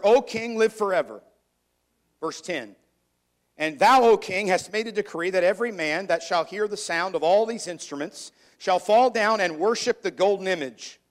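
A man preaching a sermon, reading scripture aloud in an old-fashioned cadence and slowing down to stress key words, often repeating words as he builds his point. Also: high-pitched. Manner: reads scripture in archaic cadence, slowing for emphasis.

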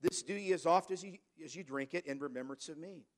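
A man preaching a sermon as pastor, reading scripture slowly and stressing key words. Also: a little high. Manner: preaching, reads scripture in King James wording, slows for emphasis.

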